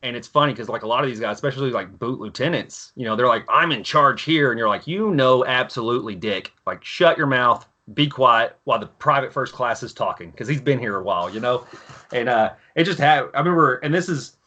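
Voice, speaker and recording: A man in his thirties, a former Marine guest, telling profane, animated stories in casual podcast chat. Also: mid-range voice, a little fast.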